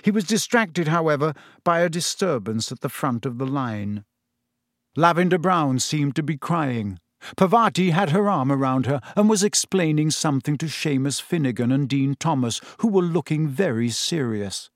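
Audiobook narrator, expressive, sing-song lively intonation, dry close sound. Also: mid-range voice, normal speed, no room sound. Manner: expressive storytelling with many character voices. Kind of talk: scripted narration.

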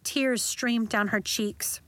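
A woman narrating a children's storybook aloud in a gentle, expressive way. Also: mid-range voice, a little slow, dry recording.

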